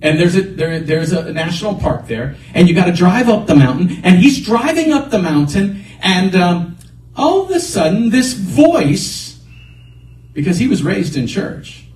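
A man pastor preaching a sermon in a church, animated, often calling out praise. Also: high voice, moderate pace, roomy sound, recorded from a distance, low-quality recording. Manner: animated, repeats exhortations.

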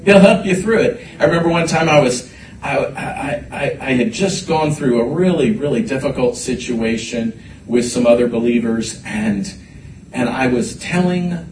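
A man preaching a sermon to a congregation, animated and repeating his words as he rises to shouts. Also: medium pitch, slight background noise. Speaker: pastor. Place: church sanctuary. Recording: echoey room from a distance.

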